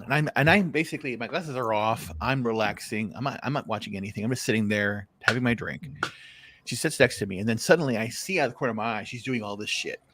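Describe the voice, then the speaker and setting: A man's voice: medium pitch, slight background noise. A man chatting casually, telling a bar story with lots of restarts. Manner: animated storyteller, restarts a lot. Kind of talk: casual chat.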